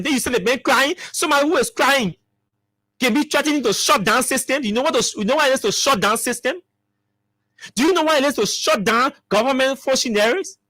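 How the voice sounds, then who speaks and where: A man's voice: very high voice, pushed and bright, dry recording. A man with a Liberian English accent hosts a talk show, giving emphatic political commentary full of repeated rhetorical questions.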